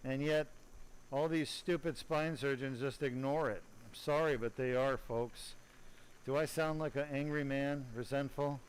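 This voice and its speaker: A middle-aged man talks viewers through a live spine operation. His voice is smooth and clear at an ordinary middle pitch. He sounds blunt and opinionated, with joking asides to the audience. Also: fairly even intonation, normal speed, low-quality recording. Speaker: spine surgeon. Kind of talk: live-streamed surgery commentary.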